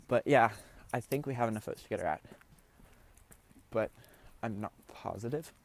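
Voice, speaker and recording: A man's voice: mid-range voice, expressive, normal speed, slight background noise, low-quality recording. A man recording a confessional diary vlog from his bedroom, rambling through his game strategy with lots of fillers. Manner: rambling, filler-heavy storytelling; talks quietly to avoid waking parents. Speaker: online game contestant.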